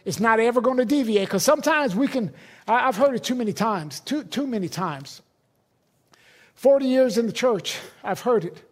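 A man's voice: very high voice, animated, moderate pace. A middle-aged man, a pastor, preaching a sermon in a conversational, emphatic way with personal stories.

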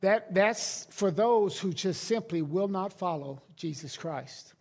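A man's voice: high-pitched, expressive, slow pace, vocal fry, darkish tone. A middle-aged male pastor preaching a sermon to a congregation in a conversational way, often restarting his sentences. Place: church hall.

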